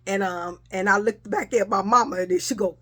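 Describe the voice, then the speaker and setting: A woman's voice: medium pitch, a little fast, fairly bright tone. A middle-aged woman, telling a personal story in a casual chat and acting out the voices. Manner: chatty, addresses listeners as y'all, acts out quotes.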